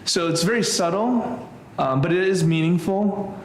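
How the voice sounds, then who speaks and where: A man teaching a relaxed church Greek class, thinking aloud with many fillers and restarts. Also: sits high, normal speed, roomy sound, a little hiss or hum. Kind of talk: informal church class lesson.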